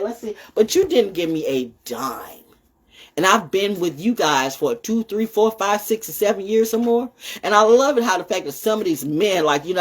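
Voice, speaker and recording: Female host, husky and lively, cursing freely, loud one moment and muttering the next. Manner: blunt, profane, swings between loud outbursts and low muttering. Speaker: podcast host. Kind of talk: casual livestream rant.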